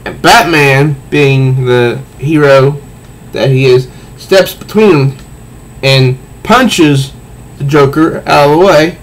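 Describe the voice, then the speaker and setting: A man's voice: on the high side, slow. A man giving a casual comic book review, recounting panels aloud with sound effects and frequent restarts.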